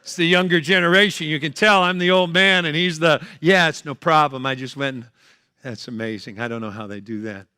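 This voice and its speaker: Bright, punchy middle-aged male comic. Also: a little high, fairly quick, clean tone, no echo, clean studio sound. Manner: loud, teasing, punchy crowd work. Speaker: comedian performing at a fundraiser. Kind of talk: stand-up comedy with audience banter. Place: event hall, live on stage.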